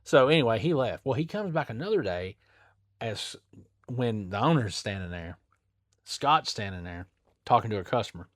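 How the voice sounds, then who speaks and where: Recorded in a clean studio with no echo, a man who works at a tire shop tells a story in a voice on the low side at a moderate pace. Casual and plain-spoken with loose grammar, he animatedly raises his voice to act out the people he quotes.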